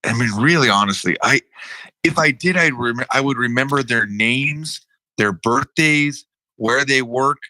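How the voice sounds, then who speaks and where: A man co-hosting a casual podcast conversation, animated and halting, with many restarts. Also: medium pitch, no room sound, poor audio. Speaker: co-host.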